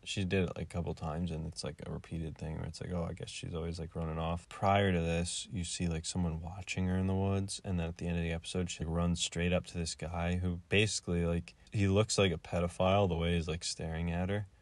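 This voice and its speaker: A man with a low voice rambles through a casual recap, leaning on filler words. The sound is dry and close, with no room around it. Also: flat delivery, fairly quick, few pauses, no echo. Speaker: video reviewer.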